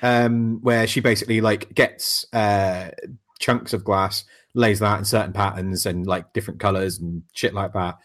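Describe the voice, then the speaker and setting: Man, low voice, relaxed chatter, laughs a lot. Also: normal speed. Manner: laid-back, swears casually, laughs often. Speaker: podcast co-host, blacksmith. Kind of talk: casual chat.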